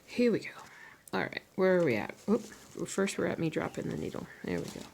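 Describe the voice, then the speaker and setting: A woman chatting casually to viewers while she stitches. She sounds tired, talks to herself, and drops into soft muttered asides. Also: on the low side, sing-song, fairly quick, creaky, slight background noise. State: tired and yawning. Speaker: crafting vlogger.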